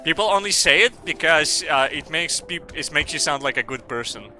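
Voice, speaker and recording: A man's voice: a little high, animated, normal speed, bright, forceful tone, faint music behind. A man streaming a game who chats casually, rambles, jokes and swears. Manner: profane, rambling, joking. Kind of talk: casual gaming stream chat.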